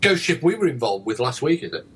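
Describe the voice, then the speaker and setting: Husky guy hosting a ghost podcast, really animated up and down, teasing his cohosts. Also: mid-range voice, fast. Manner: playful, teasing. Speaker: podcast host. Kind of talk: casual banter.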